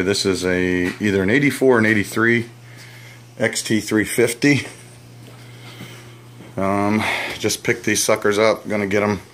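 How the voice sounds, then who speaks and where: Low-voiced man rambling in his basement shop. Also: fairly bright tone. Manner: rambling, self-correcting, apologetic. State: out of breath. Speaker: vlogger. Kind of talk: casual rambling vlog. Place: small cluttered basement shop.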